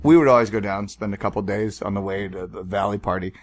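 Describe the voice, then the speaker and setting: A man's voice: lowish voice, fast talker. A man co-hosting a podcast, swearing freely in casual chat and acting out the voices in his stories. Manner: animated storyteller, swears, acts out voices. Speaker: podcast co-host.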